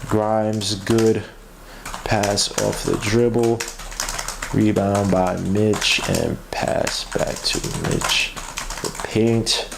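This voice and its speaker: A tired man hosting a podcast, giving casual live play-by-play commentary, excitable and yelling at plays. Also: on the low side, very slow, gravelly, noisy background. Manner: excitable, yells at plays, trails off mid-word. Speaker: podcast host doing a game watch-along.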